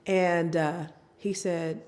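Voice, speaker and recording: A middle-aged woman appears as a podcast guest, candidly telling her personal story. She's animated, acting out what family members said, and her voice is on the low side and slow.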